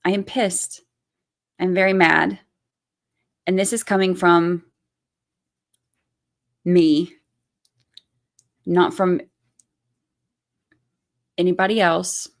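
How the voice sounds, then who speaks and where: Reading out viewers' names and messages as she responds, a thirtysomething woman runs a true crime stream with blunt, casual talk and plenty of swearing. Her voice is fairly low and gravelly, fairly even in intonation, slow, with long pauses.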